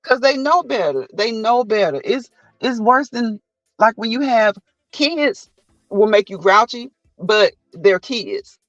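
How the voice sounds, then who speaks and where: A man's voice: sits high, slow pace, dry recording, lo-fi sound, faint music behind. A man hosting a casual live chat who tells stories animatedly, acts out what people said, and laughs often. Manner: animated storytelling, acting out quotes. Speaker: host.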